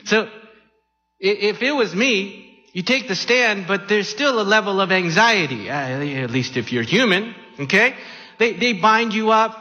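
Slow, bright-voiced preacher in a hall. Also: male voice, high-pitched, animated. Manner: dramatic, acts out the story with sudden shouts. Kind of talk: animated sermon storytelling. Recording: muffled sound in a reverberant hall.

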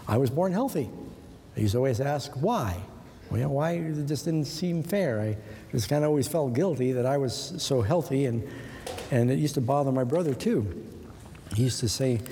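A man's voice: mid-range voice, expressive, normal speed, long pauses, mellow, big-room sound, slight background noise. A man preaching a sermon in an earnest, conversational way, asking his listeners rhetorical questions. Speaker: pastor.

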